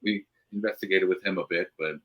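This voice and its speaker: A man's voice: low-pitched, steady tone, a little fast, dull audio. A middle-aged man, a paranormal investigator, answering questions plainly in an interview. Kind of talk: casual interview.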